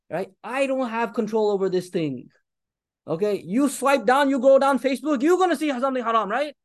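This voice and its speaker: A man's voice: very high voice, expressive, fairly quick, no echo. A man in his thirties preaching a sermon, impassioned and urgent, mixing Arabic phrases into his talk. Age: 30s.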